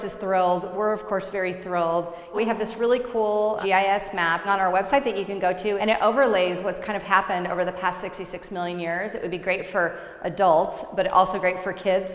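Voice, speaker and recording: A woman, a mayor hosting a city TV show, talking to viewers in a casual, upbeat way with everyday fillers. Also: fairly low pitch. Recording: echoey room with long reverb.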